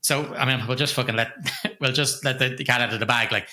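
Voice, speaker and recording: A middle-aged man co-hosting a podcast, retelling a horror film's plot in an animated, casual way with plenty of swearing. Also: medium pitch, fairly quick. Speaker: podcast co-host. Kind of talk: casual film review chat.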